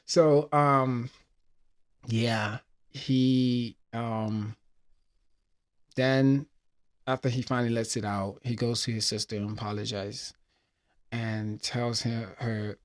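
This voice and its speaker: A man's voice: mid-range voice, slow, long pauses, a little mellow. A man hosting a personal podcast, retelling a film with emotion and many fillers. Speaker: podcast host. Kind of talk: casual personal talk.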